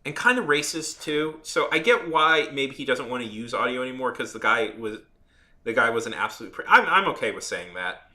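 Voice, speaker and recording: Animated, rambling man telling a story. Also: medium pitch, brisk, reverberant. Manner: rambling, many restarts, swears freely. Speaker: videographer and editor. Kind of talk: casual storytelling rant.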